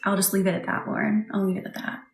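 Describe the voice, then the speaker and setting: A woman leading a live Reiki session and chatting with viewers, speaking softly and reassuringly, sometimes dropping to a whisper. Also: mid-range voice, little pitch movement, fast talker, vocal fry, soft background music. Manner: soft, reassuring, often drops to a whisper. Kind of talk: livestream chat with viewers. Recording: echoey room with faint background noise.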